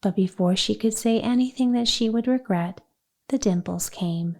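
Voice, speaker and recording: A woman narrating a children's chapter book audiobook in a calm, measured read. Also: medium pitch.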